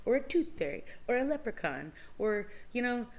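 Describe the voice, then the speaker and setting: A woman's voice: fairly high pitch, big pitch swings, moderate pace, darkish tone. A woman co-hosting a live movie chat show, laughing often and acting out scenes as she talks. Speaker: podcast co-host. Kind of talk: casual chat.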